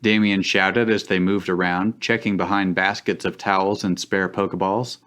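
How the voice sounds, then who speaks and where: A man narrating fanfiction aloud for laughs on a live stream, dry and deliberate. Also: low-pitched, flat delivery, fairly bright tone. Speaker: narrator and host.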